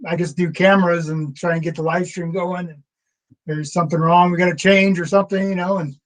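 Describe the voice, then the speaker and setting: High-voiced man in easy chat. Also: little pitch movement, a little fast, low-quality recording. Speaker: church camera and livestream volunteer. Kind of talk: casual group chat.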